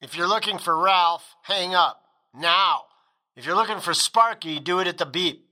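A man's voice: sits high, moderate pace, bright, forceful tone. A man acting a cocky young man recording a curt, snarky answering-machine greeting.

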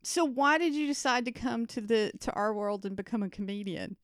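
A woman interviewing a character in an improvised comedy bit, playful and quick to laugh. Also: a little high, dry recording, clean studio sound.

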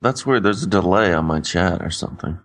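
A man's voice: deep voice, expressive, fairly quick, a bit bright. A man co-hosting a podcast in casual chat, laid-back and a bit hesitant. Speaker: podcast co-host.

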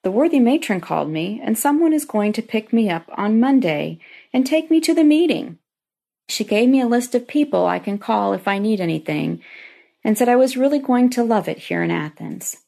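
A woman voicing her young adult daughter in a high, emotional, pleading voice. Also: lively intonation, moderate pace, creaky, dark tone. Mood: excited. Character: distraught then bubbly college-age daughter.

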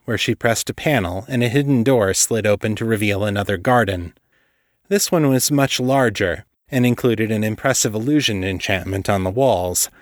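A man narrates a story in a steady, measured manner. His voice sits low and the recording is dry and close, with no room sound. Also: dry recording. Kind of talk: scripted narration.

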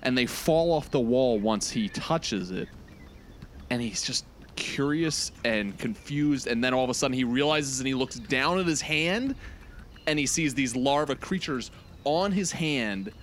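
A man at a tabletop game narrating his character's actions vividly, building suspense slowly. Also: medium pitch, a bit bright, a little hiss or hum. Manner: dramatic storytelling with slow suspenseful build. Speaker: player.

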